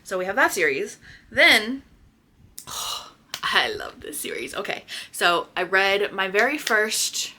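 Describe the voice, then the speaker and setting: A woman chatting casually to her viewers about books she has read, gushing with excitement and swearing freely. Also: fairly high pitch. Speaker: book vlogger. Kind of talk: casual chatty book review.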